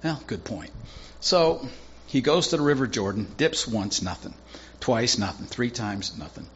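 A man's voice: medium pitch, lively intonation, unhurried, muffled recording, slight background noise. A male pastor preaching a sermon in a conversational, folksy storytelling way with casual asides.

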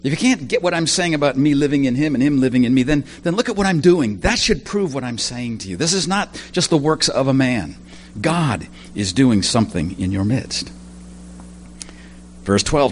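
A male preacher talks through a sermon in an easy, conversational way, full of asides and personal stories. His pitch rises and falls freely as he speaks. A faint hum sits under the recording. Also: lively intonation, normal speed.

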